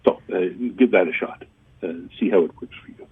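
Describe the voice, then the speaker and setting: A deep-voiced man with a husky tone coaches listeners in a calm, steady way, as a radio show guest. His voice comes over a dry, narrow phone line. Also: fairly quick. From Canada. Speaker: guest channeller. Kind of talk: gentle spiritual advice on a radio interview.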